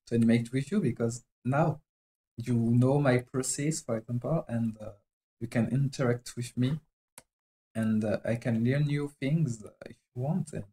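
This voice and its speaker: Halting French-accented man chatting. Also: mid-range voice, dark tone, low-quality recording. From France. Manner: halting and chatty, often searching for words. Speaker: animator streaming live. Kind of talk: casual live-stream chat while drawing.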